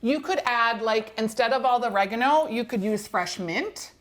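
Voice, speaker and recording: Casting: fairly high-voiced woman, chatty cooking demo guest. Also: normal speed. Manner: chatty, upbeat, explanatory. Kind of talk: cooking demonstration.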